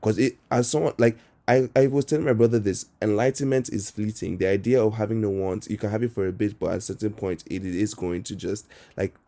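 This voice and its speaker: A man's voice: fairly low pitch, fairly quick, few pauses, mellow. A young man from Canada, an artist talking casually and earnestly about his work, rambling with many fillers. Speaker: artist vlogger. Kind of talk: casual reflective monologue.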